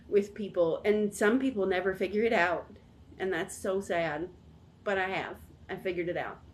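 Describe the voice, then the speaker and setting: A woman in her thirties talking casually to camera as a vlog host, candid and rambling. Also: mid-range voice. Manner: rambling, candid and self-deprecating. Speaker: channel host.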